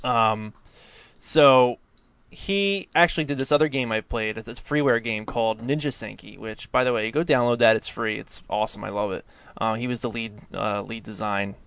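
A man's voice: mid-range voice, moderate pace, gravelly, a bit bright, no echo. A man co-hosting a casual podcast, enthusiastic and filling his talk with likes and ums. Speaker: podcast co-host. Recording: dry, slightly dull mic sound.

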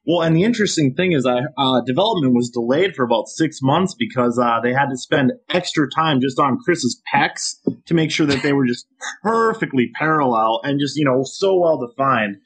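A man's voice: mid-range voice, expressive, normal speed, slightly rough. A man co-hosting a gaming podcast in casual chat, rambling and chatty, laughing as he talks.

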